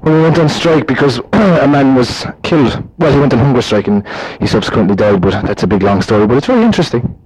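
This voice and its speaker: A man with a Limerick Irish accent, an actor giving a chatty, rambling recorded introduction of himself with a jumpy pitch. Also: animated, fast talker, few pauses, a little mellow, husky, rough recording. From Ireland. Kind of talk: casual recorded self-introduction.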